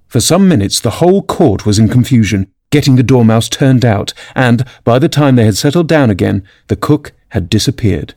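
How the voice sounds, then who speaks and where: A man narrating a classic storybook aloud in scripted, expressive storytelling. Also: mid-range voice, normal speed, few pauses, no echo, clean studio sound. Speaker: audiobook narrator.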